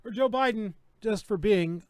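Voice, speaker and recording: Blunt, profane man with a high voice. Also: moderate pace, darkish tone, no room sound. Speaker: podcast host. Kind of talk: casual live-stream chat.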